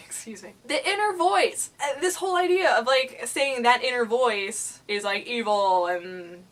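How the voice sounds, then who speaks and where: A young woman talking casually to camera, animated and giggly, often slipping into silly voices. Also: a little high, unhurried. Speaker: vlogger.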